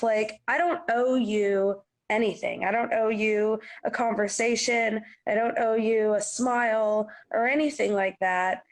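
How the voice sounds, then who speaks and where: A woman's voice: a little high, unhurried. A young adult woman, a singer-songwriter, chatting in an interview and acting out the people in her stories. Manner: animated storyteller, acts out quotes. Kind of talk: casual interview chat.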